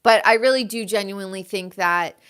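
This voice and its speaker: A woman's voice: medium pitch, moderate pace, a bit bright, clear, resonant tone. A woman hosting her own live show, talking in a rambling, emphatic way full of "like". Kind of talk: casual livestream monologue.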